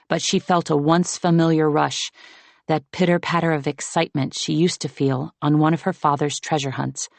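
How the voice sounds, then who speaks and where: Low-voiced woman narrating an audiobook. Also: gravelly, no echo. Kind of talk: scripted narration.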